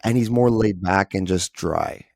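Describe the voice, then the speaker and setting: Deep-ish gravelly guy chatting on a podcast, fast animated takes. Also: no echo, clean studio sound. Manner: quick, animated film opinions. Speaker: podcast co-host. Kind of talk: casual chat.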